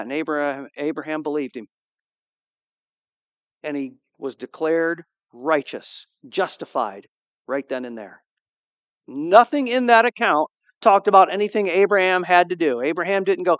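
Male pastor, higher pitch, animated preaching style, dry close sound. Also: normal speed, dry recording. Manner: animated, acts out quoted dialogue; asks the congregation for responses. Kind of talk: sermon.

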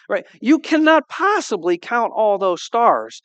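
High-voiced pastor preaching animatedly. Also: male voice, moderate pace, hardly any pauses, no echo, highs cut off. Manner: animated, acts out quoted dialogue; asks the congregation for responses. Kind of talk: sermon.

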